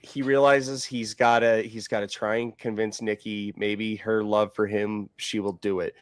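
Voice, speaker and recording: A man's voice: lowish voice, little pitch movement, measured pace, no echo, studio quality. A man co-hosting a podcast, casually recapping a movie in rambling chat full of fillers. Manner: rambling, lots of fillers and acted quotes. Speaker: podcast co-host.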